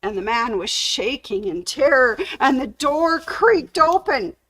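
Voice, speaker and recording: A woman storyteller on a livestream, drawing out a spooky tale at an unhurried, deliberate pace. Her voice is bright and clear, with dramatic pauses. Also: high voice, animated, slight background noise. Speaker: sewing channel host. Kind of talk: livestream ghost story telling.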